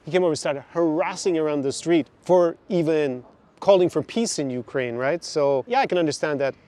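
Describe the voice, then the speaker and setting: A man with a slightly high voice talks through a video he is reacting to, critical and often sarcastic. His delivery swings between low asides and louder, pointed questions. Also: fairly quick. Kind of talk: reaction commentary.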